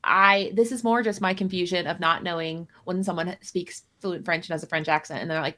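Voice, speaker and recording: A woman's voice: fairly low pitch, animated, fairly quick, few pauses, sharp tone. A woman co-hosting a live stream in casual chat, rambling and self-deprecating with a jokey edge. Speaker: streamer co-host. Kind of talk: casual stream chat about a card game.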